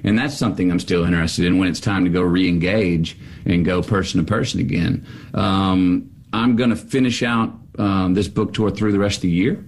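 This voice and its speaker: A middle-aged man, a guest author, telling anecdotes with animated storytelling, laughing and acting out the people he describes. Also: deep voice. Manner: lively, acts out voices in anecdotes, laughs.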